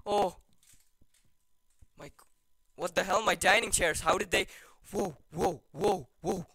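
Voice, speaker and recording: A man with a high, bright voice gives let's-play commentary on a horror game. He talks slowly, with a gravelly edge, and swings between loud, excitable outbursts and hushed, nervous mutters. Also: no echo, low-quality recording. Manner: jumpy, excitable, drops to hushed mutters when scared. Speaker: gamer playing a horror game.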